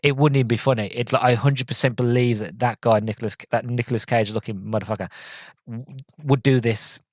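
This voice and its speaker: A man hosts a casual solo review podcast in an average-pitched voice. He rambles with a steady stream of fillers and "sort of". The recording is dry, with no room sound. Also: fairly quick, dry recording. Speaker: podcast host, film reviewer.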